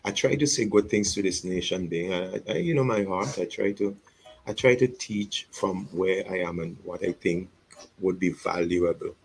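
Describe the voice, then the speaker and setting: Gravelly earnest pastor on radio. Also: male voice, low voice, moderate pace, faint music behind, rough recording. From St Vincent and the Grenadines. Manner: earnest and reflective, repeats words and phrases. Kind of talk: radio talk, public apology. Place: radio studio.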